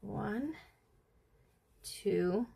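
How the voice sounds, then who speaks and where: A woman hosting a casual crochet livestream, counting stitches softly under her breath and chatting with viewers. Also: medium pitch, very slow, creaky, slight background noise. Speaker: livestream host.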